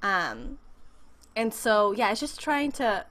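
A woman's voice: mid-range voice, sing-song, slow pace, fairly bright tone. A woman raised in the United States, a podcast guest in a casual interview, talking with animation and acting out the voices she quotes.

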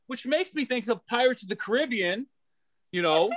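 A middle-aged man performing a stand-up set, loud and animated, self-mocking, stumbling over restarts. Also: very high voice, a little fast, dry recording. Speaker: stand-up comedian.

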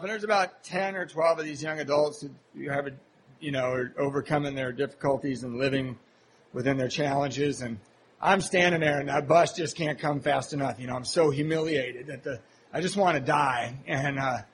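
Man, candid recovery-meeting share, self-deprecating, halting with fillers, slightly high-pitched. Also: a bit bright, slight background noise, low-quality recording. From Seattle, Washington, USA. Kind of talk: personal recovery story told to a live audience.

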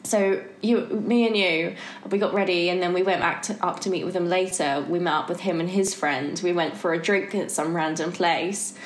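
Animated woman in an echoey room. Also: on the low side, normal speed. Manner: animated storyteller, laughs often. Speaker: podcast host. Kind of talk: casual storytelling chat. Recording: echoey room with faint noise.

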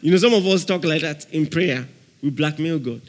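A man preaching a sermon with fervor, calling out to his congregation and rising at times to shouts. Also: fairly high pitch, moderate pace, slight background noise. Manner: fervent, calls out to the congregation.

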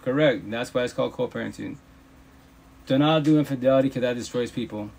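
A man's voice: medium pitch, fairly quick, vocal fry, a little mellow. A man hosting a livestream, ranting in a casual, preachy way, emphatic and profane, repeating himself. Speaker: livestream host. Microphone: phone livestream.

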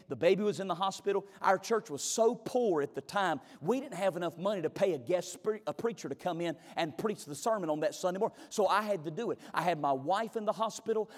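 A man's voice: high voice, big-room sound. A male pastor preaching a sermon through emphatic, heartfelt storytelling.

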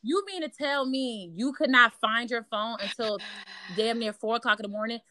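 A woman's voice: a little high, moderate pace, heavy background noise. A woman in casual chat, telling a dating story with emphatic repetition and mocking impressions of others. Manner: animated, emphatic, repeats phrases, mimics others in mocking voices.

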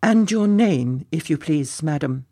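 A man's voice: a little high, animated, a little slow, dark tone. A man voicing a courteous leader of a rescue party, speaking in formal, careful, polite words.

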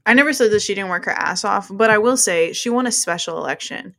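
A woman in her late twenties chats on a podcast with a relaxed, self-mocking manner. Her voice has a light vocal fry, and she swears casually as she talks. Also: mid-range voice, fast, few pauses. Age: 20s. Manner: laid-back, swears casually, laughs at herself. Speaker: podcast co-host.

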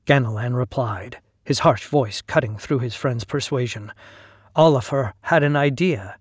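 A man narrating a scripted first-person story, reading in a measured, solemn manner. His pace is slow and unhurried, and the sound is dry and close, with no room echo. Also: medium pitch, breathy edge.

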